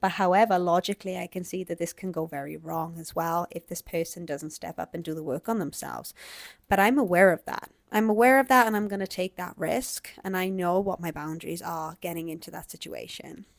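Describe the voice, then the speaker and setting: A woman's voice: on the low side, fairly even intonation, brisk, creaky, few pauses. A woman hosting a solo relationship podcast as a coach, explaining things in a conversational way.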